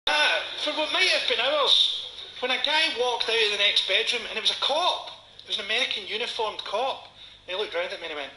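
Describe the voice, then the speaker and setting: A Scottish man in his forties performs stand-up in a roomy venue, his voice pitched fairly high for a man. He delivers dark punchlines in a dry, sardonic way. An audience is clearly heard around him. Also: animated, moderate pace, pauses often. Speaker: stand-up comedian. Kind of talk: stand-up comedy set. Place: comedy venue before a live audience. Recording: echoey venue with audience noise.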